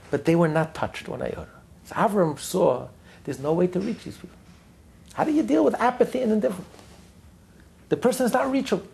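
Brief: male religious teacher, gravelly husky voice, emphatic sermon delivery stacking lists of words. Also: high-pitched, a little mellow. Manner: emphatic, builds points through repeated lists; tells a joke story mid-lesson.

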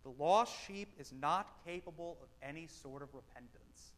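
High-voiced preacher man in a reverberant hall. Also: moderate pace. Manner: emphatic, swinging between loud stresses and quiet asides. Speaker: pastor. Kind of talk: sermon with read-aloud passages.

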